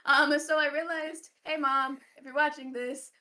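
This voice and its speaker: A woman chatting as a podcast guest in a rambling, self-deprecating way, full of ums and restarts. Her voice is bright and fairly high. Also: flat delivery, moderate pace. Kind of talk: casual chat.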